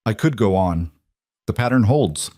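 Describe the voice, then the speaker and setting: A man narrating an audiobook voices a weary female detective who questions in a measured, level way. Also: fairly low pitch, expressive, darkish tone, no room sound, clean studio sound. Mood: pressing.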